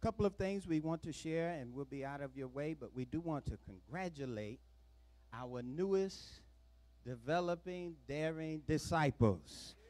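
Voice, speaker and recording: A man pastor making church announcements in a relaxed, folksy way, with the odd "uh" between phrases. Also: on the high side, a little slow.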